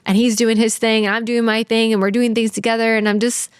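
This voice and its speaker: A woman's voice: on the high side, flat delivery, fast, smooth, dry recording. A woman in her thirties, a podcast guest, talking candidly and earnestly about her life, close to tears, with many "like"s. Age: 30s. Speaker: podcast guest, sales trainer. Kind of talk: candid interview talk.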